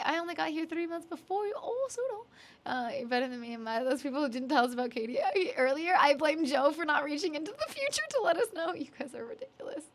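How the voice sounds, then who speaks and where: A young adult woman streamer chatting casually with viewers, giggly and emotional, teary and yawning, often apologizing. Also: high-pitched. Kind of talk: casual chat reading viewer messages.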